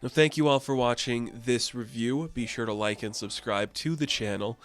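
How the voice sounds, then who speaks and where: A man's voice: mid-range voice, normal speed, no echo. A man casually reviewing a comic book issue with enthusiastic, chatty recaps.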